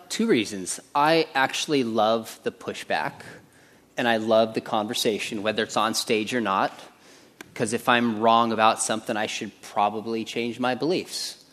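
A man argues his case on a debate stage in an earnest, measured voice. He reasons through each point steadily, at a middling pitch for a man. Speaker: Christian debater.

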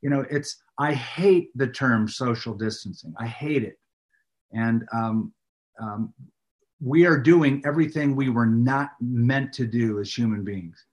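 A man's voice: mid-range voice, unhurried. A middle-aged man, a pastor and author, talking as an interview guest with a preacher's emphasis. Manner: animated, speaks with a preacher's emphasis. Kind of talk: casual interview chat.

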